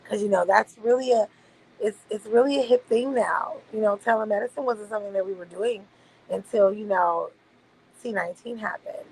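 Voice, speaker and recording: A woman's voice: mid-range voice, moderate pace, gravelly, a little mellow, a little hiss or hum, rough recording. A woman hosting a casual livestream, chatting loosely with her viewers and swearing freely. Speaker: livestream host. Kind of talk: casual late-night livestream chat.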